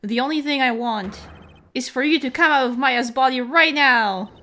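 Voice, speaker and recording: A woman's voice: high-pitched, normal speed, pushed and bright. A woman voicing an earnest young male defense lawyer, reading game dialogue aloud in a stern, scolding way.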